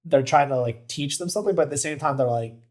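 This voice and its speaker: A man's voice: on the high side, quick pace, a little mellow. A man co-hosting a casual podcast about fatherhood, friendly and agreeable, peppering his talk with "like" and "yeah". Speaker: podcast co-host, expecting father. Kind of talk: casual chat.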